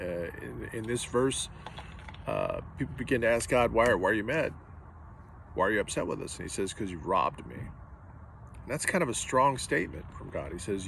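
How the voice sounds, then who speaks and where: Earnest preaching man, faint noise. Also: mid-range voice. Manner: earnest, direct preaching with emphatic repetition. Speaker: pastor. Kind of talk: sermon.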